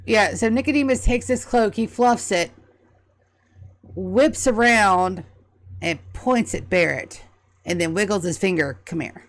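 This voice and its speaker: A woman narrating a tabletop game as game master in a chatty, lively way. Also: medium pitch, measured pace, long pauses.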